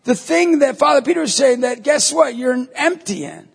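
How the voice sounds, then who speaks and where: Husky high-voiced man preaching in a hall. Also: normal speed. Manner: animated, acts out dialogue, emphatic. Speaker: Catholic evangelist speaker. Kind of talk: storytelling sermon.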